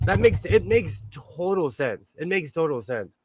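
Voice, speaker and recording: A man's voice: fairly high pitch, very animated, unhurried, a little mellow, a little hiss or hum. A man chatting casually on his sewing livestream from his home sewing room, rambling and laughing often. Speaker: livestream host.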